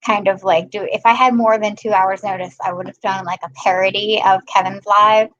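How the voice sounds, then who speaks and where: A woman's voice: mid-range voice, steady tone, brisk, fairly bright tone, highs cut off. A woman hosting a casual live stream, chatting and greeting viewers by name. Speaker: live-stream host filling in.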